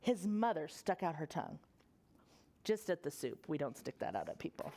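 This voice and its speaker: Animated woman reading to preschoolers. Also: fairly low pitch, normal speed. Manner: animated, sing-song storytime voice with questions to the kids. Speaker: children's librarian. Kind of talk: reading a picture book aloud to preschoolers.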